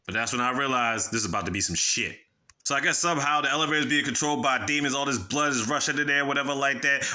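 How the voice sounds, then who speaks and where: Fast-talking bright-voiced man recapping a movie. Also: mid-range voice. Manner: profane, rambling, animated retelling. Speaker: movie reviewer. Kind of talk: casual spoiler recap.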